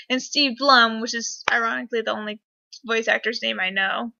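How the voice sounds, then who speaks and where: A young woman chats to her camera in a rambling, excitable way, leaning on fillers as she tells a story. Her voice is bright and a little high. The recording sounds dull and lo-fi. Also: brisk, creaky. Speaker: vlogger. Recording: dull lo-fi webcam audio.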